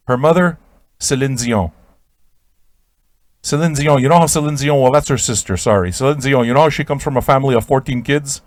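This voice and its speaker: A man hosting a radio show, telling an improvised absurd comic story in a rambling, stammering way with sudden shouted outbursts. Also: medium pitch, a little fast, no echo.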